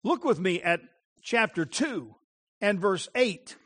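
A male preacher giving an impassioned sermon, with emphatic phrasing and dramatic pauses. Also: high-pitched, expressive, fairly bright tone.

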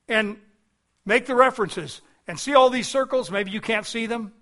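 Guy preaching a sermon, kinda high voice, earnest, gets loud then goes quiet. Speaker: pastor.

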